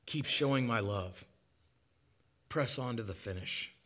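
A man preaching a sermon as a dramatic monologue, impassioned and swinging from loud to hushed. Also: medium pitch, a little slow.

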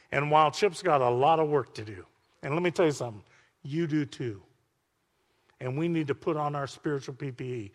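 A middle-aged male pastor preaching a sermon, swinging between soft, intimate passages and loud, shouted climaxes. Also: fairly high pitch, in a large hall.

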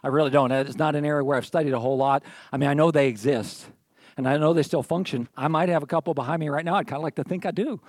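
Speaking quickly in a slightly mellow, higher-pitched voice, a middle-aged pastor delivers a sermon full of folksy storytelling. The studio recording is clean and dry, and he keeps checking in with his audience, tossing in "okay?" again and again.

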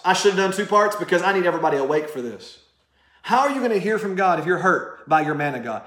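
A man's voice: high voice, animated, fast talker, a bit bright, echoey room. A man preaching a sermon straight to camera, passionate and direct, firing rhetorical questions at the listener. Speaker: pastor.

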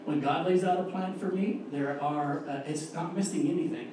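A man preaching an earnest, emphatic sermon and reading scripture, slowing down to stress key words, recorded from a distance in a church. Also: fairly high pitch, fairly even intonation, very echoey, background noise. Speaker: lay preacher. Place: church sanctuary.

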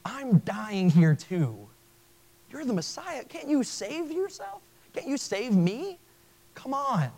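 A preacher acting out a desperate dying thief who pleads in a high, strained voice. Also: male voice, very animated, slow pace, a little mellow, full character voice. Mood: desperate pleading.

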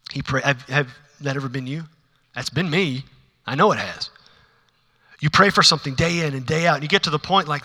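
Bright-voiced preacher in an echoing hall. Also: male voice, fairly high pitch, fairly quick, slightly rough. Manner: swings between hushed, intimate asides and rising, emphatic preaching. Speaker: pastor. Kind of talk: sermon. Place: church sanctuary with a congregation. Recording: long reverb of a large hall.

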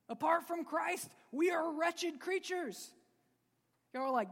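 A man's voice: extremely high pitch, takes it slowly, a bit bright. A man preaching a sermon to a live congregation in a church, conversational and joking, with sudden emphatic bursts. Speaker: pastor. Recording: long reverb of a large hall.

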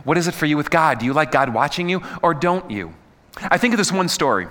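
Lively middle-aged pastor in a reverberant hall. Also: male voice, a little high. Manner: animated, asks the audience questions, stumbles and repeats words. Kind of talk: conversational sermon.

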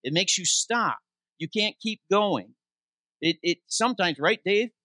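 Male interim pastor, sermon delivery, slightly higher pitch, dry close sound, animated with question-and-answer emphasis. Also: dry recording. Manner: animated preaching, reads scripture aloud with slowed emphasis; asks the congregation questions and answers them. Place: church sanctuary.

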